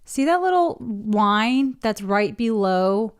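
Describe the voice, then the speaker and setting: This beauty vlogger in her thirties talks slowly as she paints her nails at home, chatting through each step into a desk mic. Her medium-pitched voice is clear and resonant, with lively intonation.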